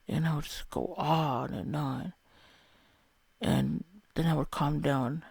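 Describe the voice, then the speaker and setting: A man's voice: a little high, fairly even intonation, measured pace, gravelly, darkish tone, breathy edge, dry recording. A young man telling a candid, rambling personal story about a spiritual experience, swearing often. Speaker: vlogger.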